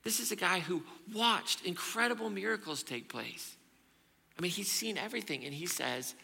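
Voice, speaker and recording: A male pastor preaching an animated sermon, telling the story with swings from loud to hushed. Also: sits high, normal speed, creaky, husky, long reverb tail. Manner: animated storytelling with sudden drops to a hush.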